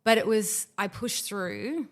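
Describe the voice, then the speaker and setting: A woman's voice: mid-range voice, slow. A woman hosting a podcast in casual chat, telling stories dramatically and swearing now and then. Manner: animated, dramatic storyteller. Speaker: podcast host.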